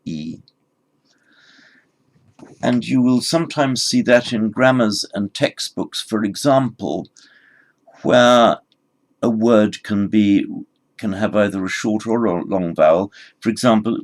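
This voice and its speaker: A man teaching a recorded grammar lesson, explaining word forms patiently and spelling them out slowly. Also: lowish voice. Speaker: language teacher.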